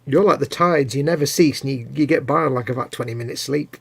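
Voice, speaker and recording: A man's voice: medium pitch, fast, vocal fry, breathy edge. A man co-hosting a casual live stream from a home workshop, joking and teasing his partner. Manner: jokey, teasing, chatty. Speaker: co-host.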